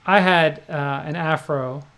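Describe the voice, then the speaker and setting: Middle-aged jersey guy hosting a livestream, relaxed, jokey, kinda high voice. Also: slow. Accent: New Jersey. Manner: laid-back, joking, chuckles often. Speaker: livestream co-host. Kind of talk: casual chat reading viewer comments.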